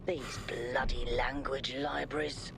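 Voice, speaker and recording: An actor playing a gruff, harried male robot overseer in a video game, brusque and grumbling. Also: mid-range voice, flat delivery, takes it slowly, background noise. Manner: brusque, grumbling, swears mildly.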